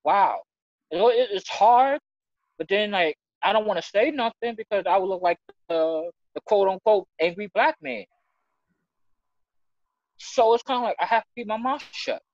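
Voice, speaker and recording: A man giving an emotional personal testimony in conversation, earnest and halting, stumbling over restarts and near tears. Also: high-pitched, expressive, no echo, dull audio. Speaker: church member sharing his story.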